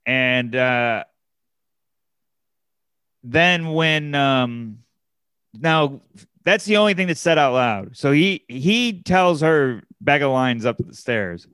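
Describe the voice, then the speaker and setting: Man, storytelling, casual chat, lots of ums and restarts, clear voice, dry close sound. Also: medium pitch, animated, slow pace, long pauses, fairly bright tone, dry recording. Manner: rambling anecdote with many fillers and restarts.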